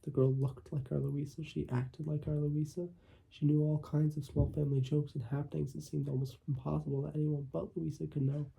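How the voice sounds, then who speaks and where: A man's voice: on the high side, flat delivery, a little fast, creaky, warm tone, rough recording. A man voicing a stern, grieving older father who speaks formally. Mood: grave. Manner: grave, formal pleading.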